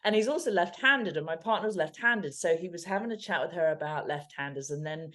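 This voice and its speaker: A woman's voice: fairly low pitch, expressive, fairly bright tone. A woman in her fifties with a Home Counties English accent, co-hosting a podcast in a chatty, storytelling way and laughing easily. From England. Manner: chatty, anecdotal, quick to laugh. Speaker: podcast co-host. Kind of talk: casual chat.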